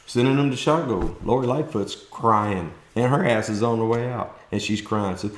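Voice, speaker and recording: A man's voice: medium pitch, sing-song, normal speed, few pauses, reverberant. A man with a South Texas accent giving a blunt, folksy, fired-up opinion monologue. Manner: blunt, folksy, fired-up ranting with mocking quoted voices. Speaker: political commentator vlogger.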